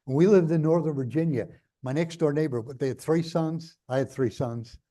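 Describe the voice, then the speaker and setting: A man's voice: fairly high pitch, normal speed, dark tone. Blunt older man with New York accent. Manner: blunt, rambling, jokey storytelling. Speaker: guest speaker. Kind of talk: conversational interview on stage.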